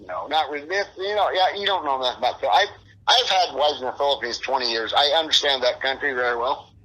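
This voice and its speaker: Profane rambling middle-aged man, husky. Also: medium pitch, quick pace, pushed and bright, rough recording. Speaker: interviewee. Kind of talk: casual interview.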